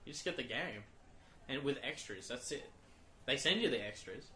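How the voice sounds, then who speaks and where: Un joven australiano que cuenta anécdotas con energía en una charla informal de podcast, imitando a los empleados de una tienda. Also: male voice, medium pitch, normal speed. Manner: animated storytelling, acts out shop clerks in quotes. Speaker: podcast co-host. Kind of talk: casual chat. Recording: echoey room with faint noise.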